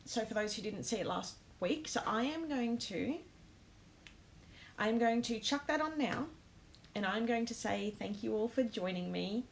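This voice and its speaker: A woman hosting a casual live stream, talking straight to her viewers and reading their comments. Her voice carries a gravelly edge, and she fills her pauses with ums. A faint hum sits in the background. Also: fairly high pitch, animated, low-quality recording. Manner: emotional, many ums, talks to comments. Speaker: host of a planner live stream.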